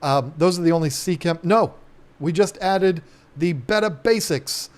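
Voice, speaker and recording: A man's voice: on the high side, a little slow. A middle-aged man hosting a casual live stream, rambling and joking with many ums and restarts. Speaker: live stream host, aquarium shop owner.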